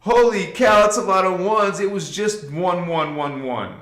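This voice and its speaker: A man's voice: high-pitched, moderate pace, fairly bright tone, reverberant. A man hosting a casual spiritual livestream, exuberant and laughing, chanting affirmations to his viewers. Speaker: livestream host.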